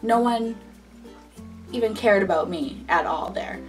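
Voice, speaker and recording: A young woman vlogger telling a first-job story in casual, animated chat, with lots of "like" between phrases. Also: medium pitch, a little slow, far from the mic, soft background music. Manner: chatty and animated, heavy on "like".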